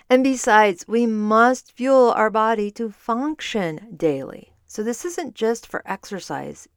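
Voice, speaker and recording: Standing while she records her solo podcast, a fitness and nutrition coach explains topics conversationally and corrects herself as she talks. Her mid-range voice is clear and resonant, captured in clean studio sound without room ambience.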